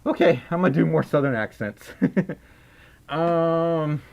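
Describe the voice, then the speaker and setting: A man's voice: on the high side, unhurried, gravelly, darkish tone. A young man casually chatting on a livestream and reading out donations in a rambling, giggly way. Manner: rambling, giggly, easily distracted. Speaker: streamer.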